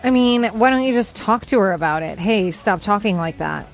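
A woman's voice: mid-range voice, lively intonation, moderate pace, creaky, faint music behind. A woman co-hosting a morning radio show, giving frank, blunt opinions in casual banter. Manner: frank, gives blunt verdicts.

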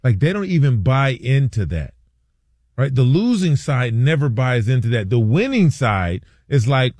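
A man pushes his take on a playoff game with emphatic, joking energy. His pitch is mid-range but very expressive. The recording is dry and close. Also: moderate pace, no room sound. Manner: emphatic, argumentative, jokey. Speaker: sports show co-host. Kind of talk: casual sports banter.

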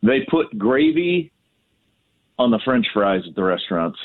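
A man's voice: medium pitch, huge pitch swings, measured pace, creaky. A man talking in a casual, rambling way as a co-host calling in remotely. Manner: casual, rambling, laid-back. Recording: tinny phone line.

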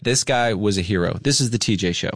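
A male radio host telling a story on his morning show in an animated, emphatic way. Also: fairly low pitch, a little fast, very noisy.

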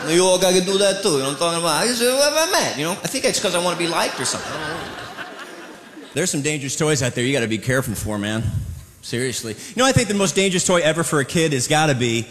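A lively stand-up comedian from the Midwest works a club crowd with a bouncing voice and quick mock voices. The room rings with echo, and loud audience noise sits under every line. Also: male voice, a little high. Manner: animated, slips into mock voices and characters. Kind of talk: live stand-up routine. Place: comedy club stage before a laughing audience. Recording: roomy live club recording with audience.

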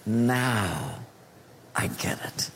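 A man preaching a sermon, telling a personal story and acting out the voices in it, sometimes dropping to a hush. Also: on the low side, expressive, very slow, slight background noise. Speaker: pastor. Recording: long hall reverb, faint ambience.

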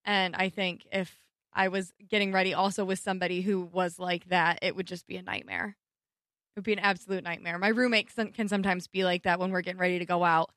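A woman's voice: on the low side, fast talker, no echo, clean studio sound. A young woman co-hosting a radio talk show, chatting casually and poking fun at herself. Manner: animated, self-deprecating, slips into voices.

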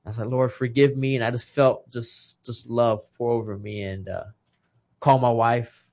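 A man in his thirties from Texas tells a deeply personal story as a podcast guest, with his voice sitting in a plain middle pitch. He talks with heartfelt emotion and often stumbles over his first words before getting the thought out. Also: steady tone, normal speed, a little mellow. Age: 30s. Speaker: podcast guest, retired boxer. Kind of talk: casual conversation.

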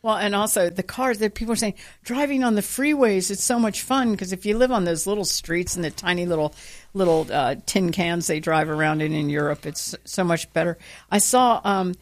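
Woman cohost on talk radio, animated, does little voices for her stories. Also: mid-range voice, brisk. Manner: animated storyteller, acts out quotes. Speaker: radio talk show co-host. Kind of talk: casual talk radio banter.

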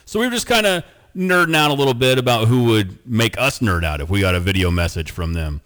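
A man's voice: medium pitch, animated, brisk, fairly bright tone. A male radio show host in casual, playful banter, laughing often.

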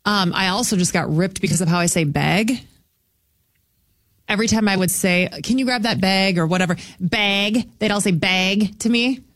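A woman co-hosts a radio show in easy banter, her voice at an everyday middle pitch. She talks in a quick, animated way and likes to tease. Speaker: radio co-host. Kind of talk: casual morning radio banter.

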